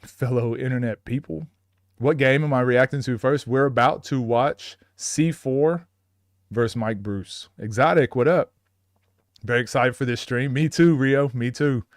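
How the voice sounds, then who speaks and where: A man's voice: medium pitch, a little slow, no room sound, studio quality. A man from Oklahoma chatting casually on a live stream, answering viewers' questions, laughing often and acting out quotes. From Oklahoma, USA.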